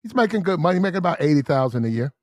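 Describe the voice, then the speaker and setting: Male storyteller with a high voice and a dry, close sound; casual and animated, acts out the people in his story. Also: very fast, no echo. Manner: animated, acts out the characters in the story, clears throat often.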